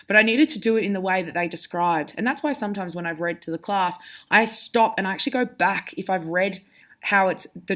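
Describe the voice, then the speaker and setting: A woman's voice: fairly low pitch, fairly bright tone. A woman teacher giving a reading lesson to pupils, explaining patiently and demonstrating with her own voice. Her delivery is conversational, with the odd restart as she looks for examples.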